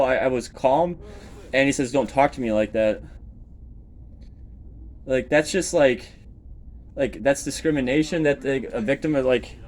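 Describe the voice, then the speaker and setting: Halting, upset man outdoors. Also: medium pitch. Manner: halting, repeats himself, grows agitated. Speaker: person seeking shelter. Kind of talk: filmed confrontation and venting. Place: outdoors at a shelter door.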